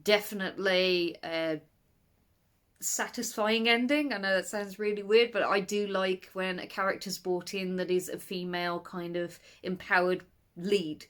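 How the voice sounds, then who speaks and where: A woman chatting casually in a video book review, animated and rambling, with nervous laughs and sudden high-pitched exclamations. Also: unhurried.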